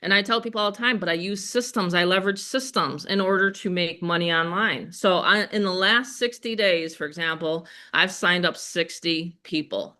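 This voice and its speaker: A middle-aged woman with a Western New York accent, hosting a live webinar in an energetic, chatty way and talking straight to her audience. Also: on the low side. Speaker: webinar host. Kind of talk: live sales webinar chat.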